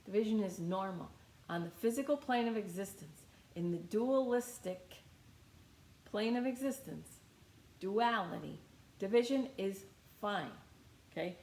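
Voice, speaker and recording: A woman's voice: mid-range voice, measured pace, dark tone, echoey room. A woman teaching a guided meditation in a casual, chatty way, often repeating her phrases.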